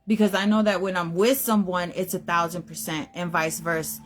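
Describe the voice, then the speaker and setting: A woman's voice: lowish voice, little pitch movement, a little fast. Podcast host, young woman, blunt profane rant, faint music bed. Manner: blunt, emphatic, heavy swearing.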